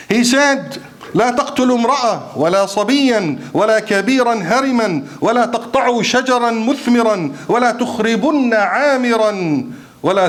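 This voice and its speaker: A man delivering a Friday sermon with a high voice. He preaches with passion, asks his listeners pointed rhetorical questions and slips into Arabic recitation.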